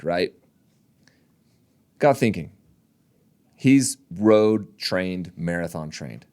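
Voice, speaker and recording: A man with a low, deep voice chatting casually as a podcast co-host. He jokes and teases his partner and breaks into laughter often. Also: expressive, slow pace, long pauses, a little mellow. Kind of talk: casual chat.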